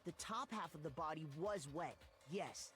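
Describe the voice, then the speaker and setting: An earnest teenage boy in a video game, explaining his case with lively, rising and falling pitch. Faint game music runs underneath. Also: normal speed. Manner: calm, reasoned explaining.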